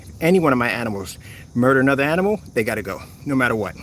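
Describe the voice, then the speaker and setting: Casual male vlogger at home, talkative, mid-pitched voice, noisy home recording. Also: sing-song, rapid-fire. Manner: talkative, talks softly to a rescued bird. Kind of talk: casual vlog talk to camera. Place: at home, indoors.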